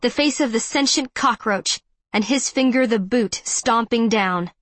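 A woman giving an intense, measured first-person audiobook narration. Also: a little high, fairly bright tone, no room sound.

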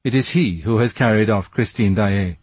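A man voicing a self-satisfied police commissary who questions briskly and pointedly. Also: on the low side, slightly rough, no echo.

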